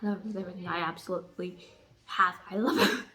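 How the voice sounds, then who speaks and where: A woman's voice: on the low side, fairly even intonation, quick pace, sharp tone. A young woman chatting in a casual reading vlog, gushing and exasperated, swearing and laughing as she goes. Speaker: book vlogger.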